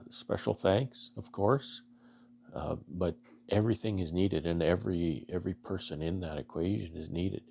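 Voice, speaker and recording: A deep-voiced man from Canada with a gravelly, fry-laden tone speaks to camera as a beekeeping vlogger. He talks in an earnest, halting way, restarting his sentences often. His voice is emotional and close to choking up. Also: warm tone. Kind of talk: casual heartfelt talk to camera.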